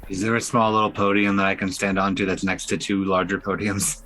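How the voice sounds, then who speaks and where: A man's voice: deep voice, level tone, fairly quick, pushed and bright, slight background noise, low-quality recording. A man playing a tabletop game, casual and wry, cracking jokes in character. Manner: joking, wry. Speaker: player.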